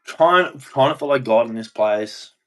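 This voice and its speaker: A man ranting on his own, heated and profane, turning preachy at times and swinging between shouting and muttering. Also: medium pitch, lively intonation, a little slow. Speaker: vlogger. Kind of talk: angry solo rant.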